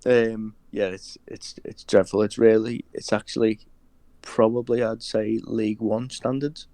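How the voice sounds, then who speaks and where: A man's voice: fairly low pitch, flat delivery, measured pace, dark tone, no echo. A man chatting casually as a podcast guest, hesitant, with many ums and restarts. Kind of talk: casual chat.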